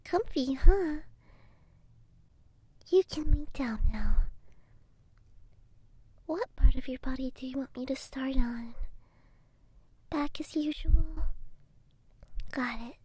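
A woman voicing a devoted young female android housekeeper in a soft, deferential whispered role-play. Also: high-pitched, slow pace, long pauses, dry recording. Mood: doting.

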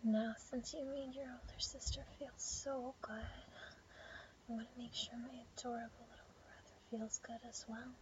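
A young woman in a whispered role-play, speaking in a soft, teasing whisper with breathy murmurs. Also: a little high, level tone, measured pace. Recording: dull lo-fi audio with faint background hiss.

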